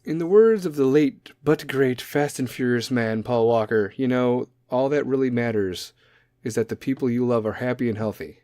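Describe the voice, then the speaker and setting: A young man in the middle of a blunt, swear-filled rant, confrontational and quick to drift off topic. His voice sits at a middling pitch. It is recorded close and dry, with no room sound. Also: warm tone, dry recording. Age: young adult. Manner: goes off on tangents. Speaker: podcast host. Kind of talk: ranting monologue.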